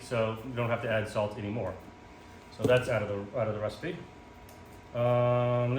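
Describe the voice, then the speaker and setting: A man chatting casually while cooking at home, rambling with lots of ums and self-mocking jokes, filmed on a phone. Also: on the low side. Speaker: home cook vlogger. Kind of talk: casual cooking vlog chat. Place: home kitchen. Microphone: phone camera in portrait mode. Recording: echoey room with background noise.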